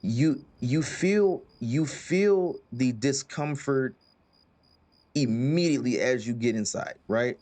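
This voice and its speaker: A man talks through a game in a loose, rambling way. He stumbles over and repeats words, with lots of fillers, at a middling pitch. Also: takes it slowly, darkish tone. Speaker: host. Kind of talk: casual gaming chat.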